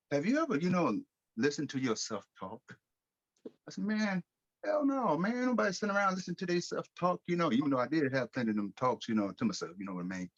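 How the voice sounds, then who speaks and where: A middle-aged American man telling his life story in a podcast interview, lively, with casual slang and acted-out quotes. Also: fairly low pitch, no room sound, muffled recording. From United States. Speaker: guest speaker.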